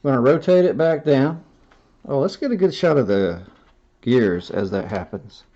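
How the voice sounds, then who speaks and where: A man's voice: mid-range voice, expressive, normal speed, dark tone. A man narrating a hands-on robot build tutorial in a folksy, self-talking way, stopping to correct himself as he works. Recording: dull lo-fi sound.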